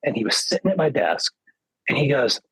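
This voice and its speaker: Guy on a podcast telling a story, kinda husky voice, dry close sound, keeps going "he goes" and doing the other guy's lines. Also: mid-range voice, fairly quick, no room sound, poor audio. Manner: animated, quotes others with "he goes" and acts their lines; loose filler-heavy phrasing. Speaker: podcast guest, guitarist. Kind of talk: casual anecdotal storytelling.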